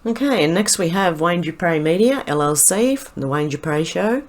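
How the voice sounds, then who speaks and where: A woman's voice: lowish voice, lively intonation, normal speed. A woman with an Australian accent, commenting on news posts in a casual, scornful way, with frequent ums and restarts. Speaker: commentary vlogger.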